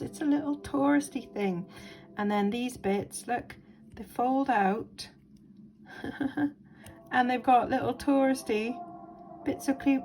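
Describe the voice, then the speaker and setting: A woman's voice: mid-range voice, lively intonation, normal speed, a little mellow, soft background music. A woman, chatting enthusiastically as she shows vintage jewellery in a casual vlog, thinking aloud with lots of ums. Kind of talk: casual show-and-tell vlog.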